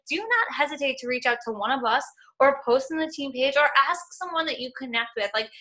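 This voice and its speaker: Young female team leader, motivational call, high-ish and bright, earnest, chatty fillers. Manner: earnest, encouraging, heavy use of "like" and "y'all". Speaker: fitness coaching team leader. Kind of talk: motivational talk on a group call.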